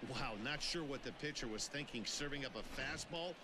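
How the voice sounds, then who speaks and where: An actor playing a veteran baseball color commentator in a video game, giving measured analysis between plays. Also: male voice, medium pitch, sharp tone, close to an everyday voice. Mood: analyzing. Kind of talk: broadcast sports commentary. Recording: stadium crowd behind.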